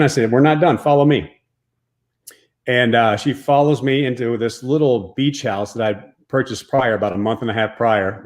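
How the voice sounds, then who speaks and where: Speaking in a mid-range voice, a guest who once played pro baseball shares a personal story in a relaxed, foul-mouthed, forceful way. He comes from the Dallas-Fort Worth area of Texas.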